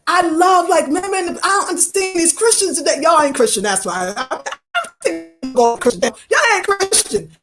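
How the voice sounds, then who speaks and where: A woman's voice: high-pitched, very animated, normal speed, fairly bright tone, faint music behind. A woman in her fifties streaming a casual, fervent talk to her viewers, repeating herself and talking back at them in loose vernacular. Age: 50s. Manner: loose Black American vernacular. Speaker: travel vlogger.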